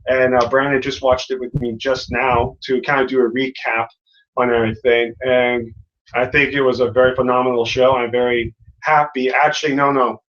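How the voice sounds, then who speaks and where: A man's voice: mid-range voice, flat delivery, normal speed, fairly bright tone, dull audio. A man hosting a casual review chat, rambling with many fillers. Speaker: host.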